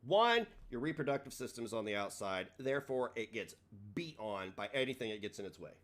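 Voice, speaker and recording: A man's voice: mid-range voice, sing-song, brisk. Combative, profane man ranting on a stream. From United States. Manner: combative, profane, swings loud and soft. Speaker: livestream host. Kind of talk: ranting livestream talk.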